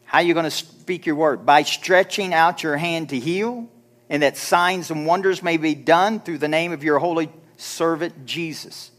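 A man's voice: a little high, moderate pace, fairly bright tone. A pastor preaching a church sermon, urging his listeners with emphatic rhetorical questions and acting out quoted people in mock voices.

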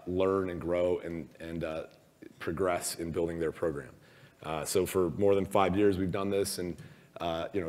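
A hoarse man who has lost his voice gives a casual, self-deprecating conference talk, with many ums and uhs. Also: sits low. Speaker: conference speaker. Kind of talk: conference presentation. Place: large conference hall. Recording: long reverb of a large hall.

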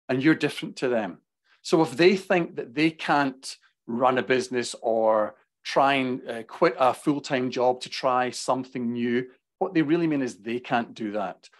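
A man with a Glaswegian Scottish accent giving a business talk with slides, speaking quickly and passionately. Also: mid-range voice. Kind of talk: presentation with slides.

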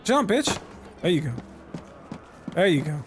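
High, animated man yelling at a game. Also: a little slow, background noise. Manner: excitable, profane, yelling at the game. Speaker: let's play host. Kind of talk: gameplay commentary.

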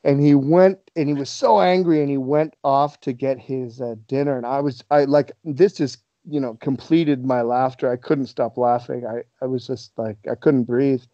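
A man, a guest on the show, telling stories in an animated way and laughing as he goes. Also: medium pitch, normal speed, hardly any pauses, no echo. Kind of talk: casual storytelling. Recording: dull lo-fi sound.

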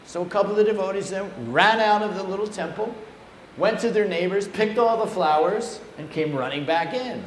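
A man gives an animated, playful storytelling talk at a temple. His voice sits slightly high for a man. The room is echoey, and a faint hiss runs underneath. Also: brisk. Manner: animated, playful anecdotes with acted quotes. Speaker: speaker at a temple.

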